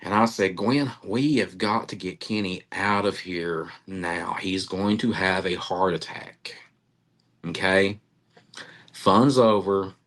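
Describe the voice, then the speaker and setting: Middle-aged man, lower voice, animated storyteller, laughs often. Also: slow pace. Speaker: interviewee, cryptid researcher. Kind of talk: storytelling interview.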